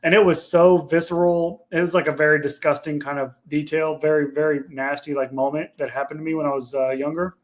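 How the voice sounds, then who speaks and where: A man's voice: on the high side, flat delivery, brisk, hardly any pauses. A man from Ohio, a veteran guest on a podcast, telling his personal story in a candid, earnest way and swearing casually. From Ohio, USA.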